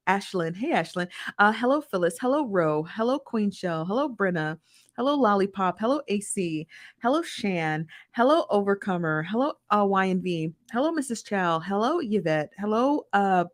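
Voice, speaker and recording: A woman hosting a casual livestream, chatty and blunt, with lots of slang, greeting her viewers one by one. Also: mid-range voice. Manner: frank and blunt, uses slang. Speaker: livestream host.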